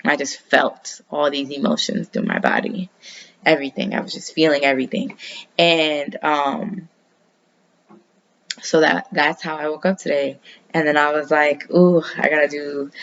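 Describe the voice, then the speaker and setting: A woman's voice: sits low, creaky, a bit bright, lo-fi sound. A woman chatting casually in a loose, rambling way and swearing freely as she talks through her dreams and astrology. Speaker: astrology vlogger. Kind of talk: casual personal chat.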